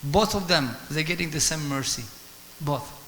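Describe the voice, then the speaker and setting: A man giving a sermon as a guest speaker, telling stories in an animated way, acting out dialogue and chanting Sanskrit verses. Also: a little high, normal speed. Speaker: guest speaker at a temple class. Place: temple hall. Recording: echoey temple hall with faint hiss.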